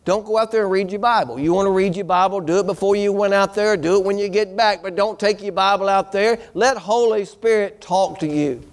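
A man delivers a sermon in a folksy, exhorting manner. His voice sits somewhat high for a man. He keeps putting questions to the congregation as their pastor. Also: fairly quick, hardly any pauses.

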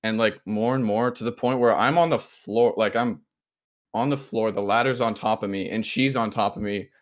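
Young male podcast co-host, lowish voice, rambling storyteller, laughs a lot. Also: steady tone, normal speed. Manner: laughs often, many fillers. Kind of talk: casual chat, telling a dream story.

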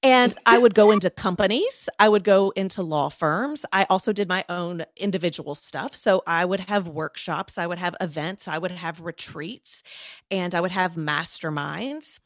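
A woman guest in an interview, telling her own story in a chatty, animated way with many fillers. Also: fairly low pitch, moderate pace, no echo, studio quality. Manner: chatty, animated, lots of fillers and quoted asides. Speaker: guest, former lawyer turned coach.

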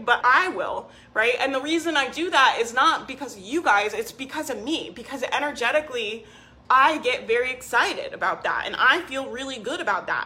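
A woman's voice: on the high side, bright, forceful tone. A woman business coach talking casually on a live stream, emphatic and persuasive, often saying "right?" and answering viewers by name.

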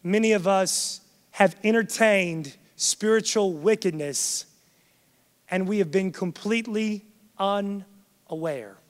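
A man preaching an impassioned sermon as pastor in a church, dropping soft and then rising loud for emphasis. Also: sits high, takes it slowly. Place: church sanctuary. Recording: long reverb of a large hall.

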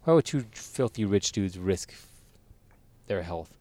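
A man's voice: sits low, animated, a little slow, dark tone, no room sound. A man co-hosting a casual, crude podcast, laid-back and laughing often as he swears through the banter. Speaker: podcast co-host.

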